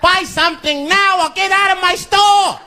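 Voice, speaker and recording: A man's voice: very high-pitched, fairly even intonation, moderate pace, pushed and bright, pitched above the performer's own voice, exaggerated voice. A comedian voicing a scowling, impatient male store owner who barks short commands at a customer. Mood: irritated. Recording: live stage with crowd noise.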